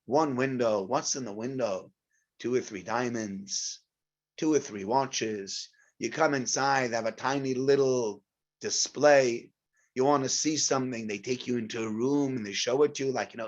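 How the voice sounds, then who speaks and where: Animated storytelling rabbi, dull lo-fi sound. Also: male voice, mid-range voice, moderate pace. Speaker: rabbi giving a class. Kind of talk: informal Torah lesson with storytelling. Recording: dull lo-fi recording.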